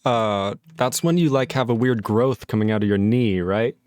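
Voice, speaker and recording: A man's voice: on the low side, moderate pace, a little mellow, dry recording. A man chatting casually as a guest on a coding stream, joking around and laughing often. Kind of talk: casual live-stream chat.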